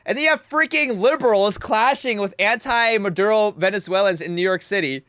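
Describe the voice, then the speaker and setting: A young man hosts a livestream, reacting to clips and talking straight to his chat. His voice is high and bright and swings widely in pitch. The sound is dry and close to the mic. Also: a little fast, clear, resonant tone, dry recording. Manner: animated and mocking, talks to chat, laughs often. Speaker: livestream host.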